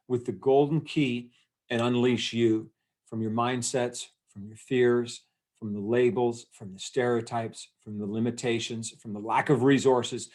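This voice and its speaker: A man hosting an online event, giving an energetic motivational talk over a video call and asking his audience questions. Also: mid-range voice, normal speed. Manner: energetic, rallying, asks the audience questions, many fillers. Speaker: event host.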